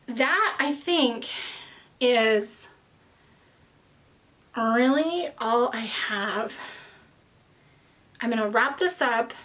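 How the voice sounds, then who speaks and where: A young woman talks casually to her viewers in a bright, high voice. She rambles and wanders off on tangents, and she sounds a little out of breath. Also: expressive, extremely slow, pauses often. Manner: rambling, chatty, with tangents and restarts. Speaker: knitting podcast host. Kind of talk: casual chat to camera.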